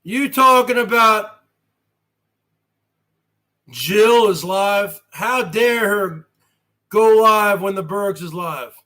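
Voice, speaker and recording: On his live stream, a man with a very high, bright, sharp voice rambles in slow, stretched-out phrases. He brags with the swagger of a wrestling promo and keeps firing rhetorical questions at viewers.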